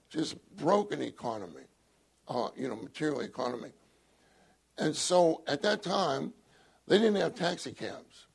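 An older man speaks to a congregation with a husky, gravelly voice that sits a touch high. He tells an anecdote with animated energy and frequent laughter. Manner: animated storytelling, laughing often. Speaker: church speaker. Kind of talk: anecdotal sermon story.

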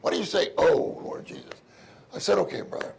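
A man giving an informal, earnest sermon at a meeting, crying out loudly when he calls on the Lord. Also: high voice, fairly even intonation, fairly quick, gravelly, a little hiss or hum. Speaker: preacher at a church meeting.

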